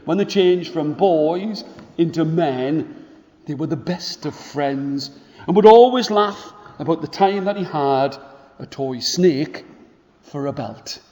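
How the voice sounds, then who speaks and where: A man telling stories to schoolchildren, animated, and inviting the children to join in the actions. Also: a little high, slow pace, long reverb tail. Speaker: storyteller. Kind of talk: storytelling to schoolchildren. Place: school hall.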